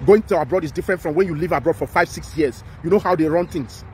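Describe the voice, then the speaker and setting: Over a little hiss or hum, a social commentator with a Nigerian accent pleads with his listener in impassioned, repetitive, emphatic commentary. His voice is fairly high and a little mellow, and he talks fast.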